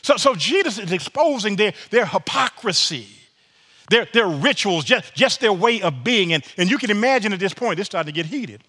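A man preaching a sermon in a folksy, animated way, often repeating words as he builds his point. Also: sits high, moderate pace, breathy edge. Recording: long reverb of a large room.

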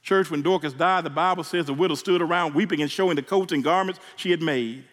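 A man's voice: on the high side, quick pace, fairly bright tone. A man preaching a sermon in a church, emotional and repeating words as he builds. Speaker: pastor. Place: church sanctuary. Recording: reverberant church hall.

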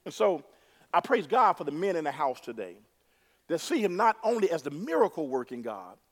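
A man's voice: a little high, big pitch swings, fairly quick. A man preaching a sermon to his congregation, emphatic, repeating words and calling the crowd "y'all". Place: church sanctuary. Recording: long reverb of a hall.

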